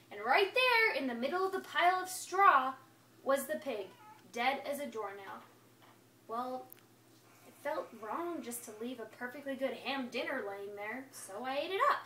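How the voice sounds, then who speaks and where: A woman's voice: high voice, bright, forceful tone. A woman telling a fairy tale in the first person as a wolf who insists he is innocent, in a chatty, playful way. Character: friendly, self-justifying male wolf. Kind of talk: first-person storybook read-aloud. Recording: echoey room, far from mic, faint hiss.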